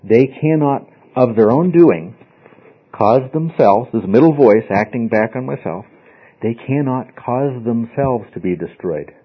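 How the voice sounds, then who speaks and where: A man's voice: medium pitch, expressive, measured pace, husky. A man teaching a Bible study class in an emphatic, informal way, often checking with his listeners. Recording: dull lo-fi recording.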